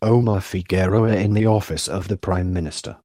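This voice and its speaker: A man giving a flat, formal scripted reading of names and government titles. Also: deep voice, normal speed.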